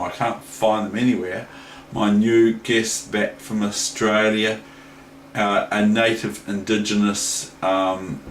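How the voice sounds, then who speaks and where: A man with a New Zealand accent rambles through a casual chess lesson, hesitant and unstructured. He speaks slowly in a lowish voice. The room is echoey with faint noise. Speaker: chess teacher.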